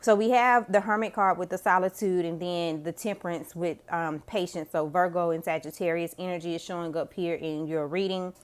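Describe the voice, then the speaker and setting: A woman with a somewhat low voice delivers a tarot reading to her viewers. She talks in a loose, chatty way, full of slang and casual cursing. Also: fairly even intonation, fairly quick, hardly any pauses, clear, resonant tone. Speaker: tarot reader.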